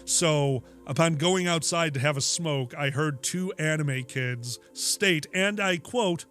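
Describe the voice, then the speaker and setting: A man's voice: fairly high pitch, slow, faint music behind. A man co-hosting a casual chat show, telling stories and acting out the people in them. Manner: animated, acts out quotes in voices. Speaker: podcast co-host.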